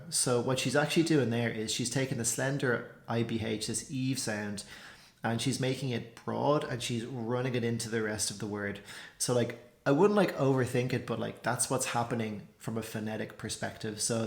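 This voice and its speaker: A language teacher gives a casual, rambling lesson, filling nearly every sentence with "like" and "so." His middle-pitched voice has some vocal fry and moves at a normal speed, and the room adds a noticeable echo.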